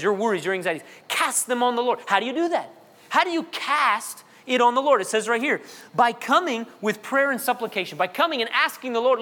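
Bright-voiced preacher man in a hall. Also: very high-pitched, expressive, fairly quick. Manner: jokey, repeats words, reads funny kids' prayers. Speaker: pastor. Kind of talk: sermon.

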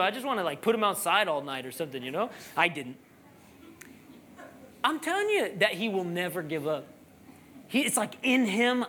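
Preacher doing a sermon, chatty story bits then loud emphatic preaching. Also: mid-range voice, very animated, moderate pace.

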